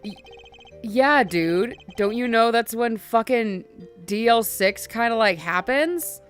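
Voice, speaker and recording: A giggly, excitable woman commentating her game playthrough in a high-ish voice. She chats loosely, laughing and cursing, with faint music under her. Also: takes it slowly. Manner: giggly, excitable, swears casually. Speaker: let's play host.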